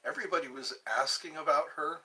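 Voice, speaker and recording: A man hosting a casual livestream, chatting slowly and rambling while greeting viewers and answering comments as he eats. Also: on the high side, bright, forceful tone. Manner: slow, rambling, chatty, restarts words, eating while talking. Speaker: livestream host. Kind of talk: casual live chat reading comments.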